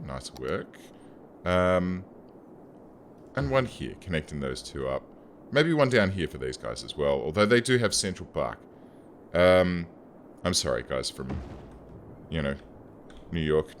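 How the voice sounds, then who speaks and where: A young man, an engineer and gaming YouTuber, rambles casually and self-deprecatingly while building a city in a game. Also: sits low. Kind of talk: casual gameplay commentary.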